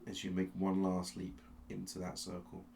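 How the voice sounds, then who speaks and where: Gravelly low-voiced man running a game. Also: completely flat delivery, dark tone, slight background noise. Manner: slow, suspenseful storytelling with frequent restarts. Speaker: game master. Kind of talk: dramatic second-person narration of a tabletop game.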